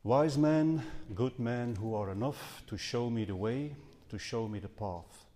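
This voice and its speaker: A man's voice: medium pitch, unhurried, mellow. A man giving a Buddhist dharma talk to a live audience, speaking earnestly with some hesitations and self-corrections. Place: seminar house hall. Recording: long reverb from a hall.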